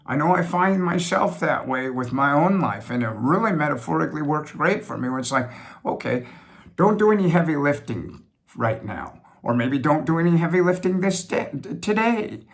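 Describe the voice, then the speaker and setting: A middle-aged man talking alone from his home office, rambling and repetitive, pressing his points hard and then slowing right down. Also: a little high, expressive. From United States. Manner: rambling, repetitive, emphatic with sudden slowdowns. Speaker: business funding host. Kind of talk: reflective monologue.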